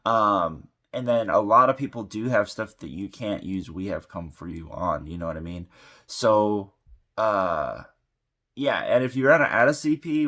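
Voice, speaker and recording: A man's voice: on the low side, fairly bright tone. A man hosting a tabletop gaming channel, giving a casual, rambling recap of his game with many fillers and restarts while getting over an illness. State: sick.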